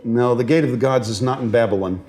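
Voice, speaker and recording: A man's voice: mid-range voice, quick pace, a little mellow. A man lecturing as a seminary professor in a classroom, earnest and at times emotional, often checking whether his students follow. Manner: earnest, grows emotional on moving points; frequent fillers and restarts.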